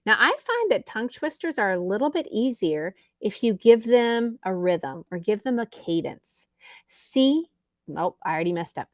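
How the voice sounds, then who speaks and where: A woman's voice: medium pitch, big pitch swings, dry recording. A woman teaching English on a live stream, patiently answering viewers' chat comments. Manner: slow, patient, reads chat comments aloud.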